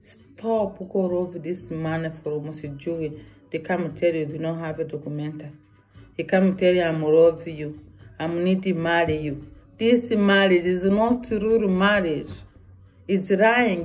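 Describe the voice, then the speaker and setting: Slow, earnest woman vlogger. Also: fairly low pitch, darkish tone. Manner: earnest, repetitive, broken English. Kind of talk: personal warning vlog.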